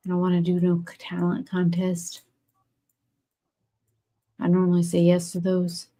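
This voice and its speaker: A woman's voice: fairly low pitch, completely flat delivery, unhurried, warm tone. A woman, chatting casually and bluntly while streaming a game, swearing freely. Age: 40s. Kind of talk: casual gaming stream chat.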